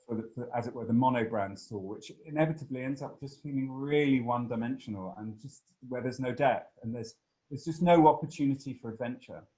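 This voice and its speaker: A man giving a long, animated interview answer, full of fillers and playful asides. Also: mid-range voice, fairly quick, poor audio. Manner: expansive, animated storytelling with many fillers.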